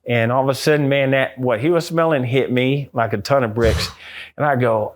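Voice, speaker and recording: A middle-aged American man, a guest on an interview, telling a ghost story with lively acted-out quotes. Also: mid-range voice, a little fast. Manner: acts out quotes in a raised excited voice.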